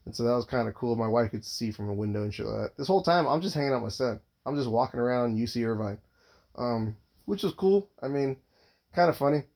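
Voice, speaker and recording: A man's voice: medium pitch, animated, quick pace, darkish tone. A man in his thirties, a father, telling a long casual story, rambling and swearing constantly with lots of filler words.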